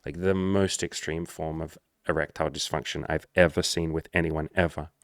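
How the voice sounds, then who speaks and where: A man with a very deep, gravelly voice gives blunt dating advice in a casual monologue. He is animated and swears freely. His voice is recorded dry and close, with no room echo. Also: normal speed. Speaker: dating and social coach.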